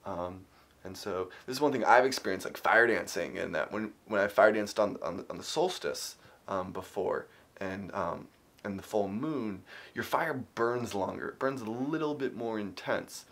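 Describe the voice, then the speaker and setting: A man telling a personal story to camera in a casual vlog. He rambles with many fillers and restarts and grows animated at the tense parts. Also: lowish voice, moderate pace. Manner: animated when retelling tense moments. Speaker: vlogger.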